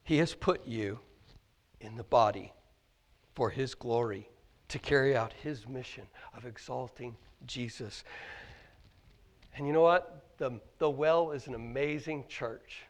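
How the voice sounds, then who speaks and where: A man's voice: mid-range voice, a little slow, long pauses. A man with a Midwestern American accent preaching a sermon in a church, earnest, full of questions, sometimes tripping over and repeating his words. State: choked up with emotion. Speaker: pastor. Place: church sanctuary.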